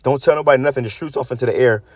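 Man, mid-pitch, preaching rant with heavy swearing, stutters and repeats words as he restarts, dry close sound. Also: very fast, no echo. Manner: profane, blunt, repeats words while restarting; reads scripture aloud then comments on it. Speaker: religious channel host.

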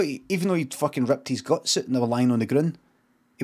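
A man's voice: mid-range voice, fast talker, slightly rough. Rambling sweary Scottish man telling a tale. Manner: rambling, sweary, deadpan, drifts off on tangents. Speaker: streamer. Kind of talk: improvised comic storytelling.

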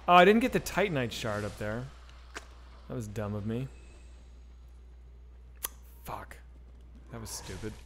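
A man's voice: lowish voice, very animated, unhurried, long pauses, slight background noise. A man in his forties streaming a video game, chatting loosely with his viewers and swearing as he plays. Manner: loose and profane, talks to chat while playing. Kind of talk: casual gaming livestream chat.

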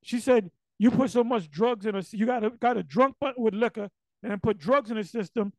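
A middle-aged man telling blunt, profane stories in a casual monologue, his voice going hoarse. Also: sits high, fairly quick, dry recording, poor audio. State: losing his voice.

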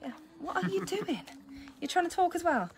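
A woman's voice: very high-pitched, sing-song, moderate pace, background noise. A woman, a dance teacher, chatting casually outdoors on a live stream and laughing often.

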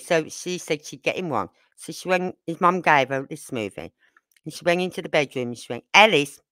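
A woman's voice: deep voice, fairly bright tone, no echo. A middle-aged woman, a grandmother and neighbour, chatting in a rambling way and often checking that the listener follows. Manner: chatty, rambling, keeps asking "you know what I mean". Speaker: neighbour interviewed. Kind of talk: casual storytelling chat.

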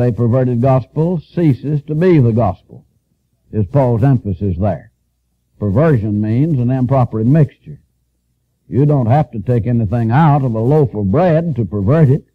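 Man preaching over a tinny archival recording. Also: mid-range voice. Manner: measured, emphatic preaching with repeated phrases; reads scripture aloud in an old-fashioned cadence. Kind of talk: sermon.

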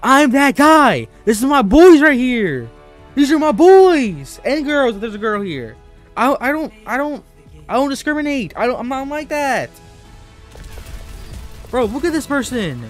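Young man, gaming commentary, boastful, playful, high voice, faint music behind. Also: sing-song, a little slow. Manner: boastful, playful, hyped-up and repetitive. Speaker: gaming YouTuber. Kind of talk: casual gameplay commentary.

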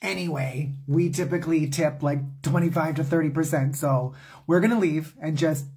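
A man's voice: fairly high pitch, fairly even intonation, moderate pace, a little mellow, slightly rough. A man in his thirties telling a story in a sassy, profane, theatrical way. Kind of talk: casual storytime vlog.

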